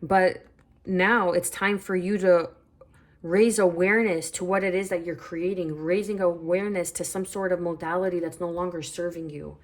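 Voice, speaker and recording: A woman giving a spiritual tarot reading, unhurried and reflective, repeating phrases as she pulls cards. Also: lowish voice, steady tone. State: hiccuping. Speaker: tarot reader.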